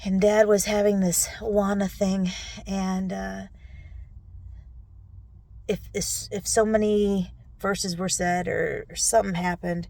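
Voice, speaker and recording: A tearful middle-aged woman recording a personal video recap on her phone, speaking softly and often dropping to a whisper. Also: mid-range voice, level tone, slow, no echo. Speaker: vlogger. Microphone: phone selfie video.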